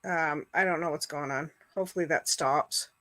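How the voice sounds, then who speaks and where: A woman's voice: low voice, moderate pace, bright, forceful tone, no room sound. A middle-aged woman hosting a casual livestream, rambling with fillers and greeting viewers by name. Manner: chatty, rambling, full of fillers. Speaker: livestream host. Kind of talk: casual chat with live viewers.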